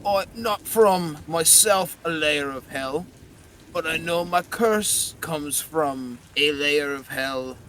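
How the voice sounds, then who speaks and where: A man's voice: a little high, takes it slowly, pushed and bright, a little hiss or hum, pitched above the performer's own voice. A man voicing the spirit of a dead werewolf speaking through its skull, coarse, swearing and pained.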